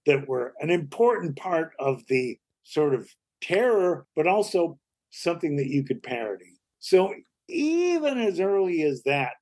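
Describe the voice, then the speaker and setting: An older man tells stories as a guest on an interview, in a voice set a little high for a man. He bounces through his anecdotes and slips into the voices of the people he quotes. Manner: lively anecdotal storytelling, acts out quoted voices. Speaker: comedy actor and writer, guest. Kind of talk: storytelling interview.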